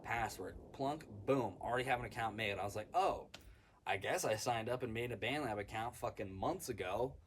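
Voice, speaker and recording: Casual podcast host, male, lowish voice, excitable and profane, rambling delivery, faint outdoor ambience behind. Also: brisk, few pauses, slight background noise. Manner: excitable, swears a lot, rambling. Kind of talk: casual chat. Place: outdoors in the sun.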